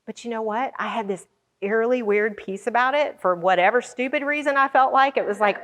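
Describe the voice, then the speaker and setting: A woman with a fairly high voice tells a story about her own work. She is animated and acts out the lines of the people in it. Her voice rings with a long hall reverb. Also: a little fast. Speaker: conference organizer. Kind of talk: storytelling talk.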